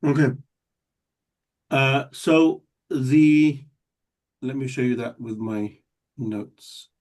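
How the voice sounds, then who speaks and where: A man's voice: medium pitch, drawn-out words, darkish tone. Guy teaching a class, patient, keeps checking everyone follows, kinda far off the mic. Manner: patient, explains step by step and checks understanding. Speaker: Arabic teacher. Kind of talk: live classroom lesson. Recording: voice somewhat distant from the mic.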